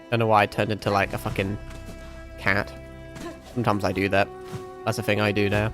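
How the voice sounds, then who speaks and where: A man's voice: on the low side, flat delivery, brisk, faint music behind. A man born in Britain, streaming a game, chatting in a rambling, sweary, self-mocking way. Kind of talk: casual gameplay commentary.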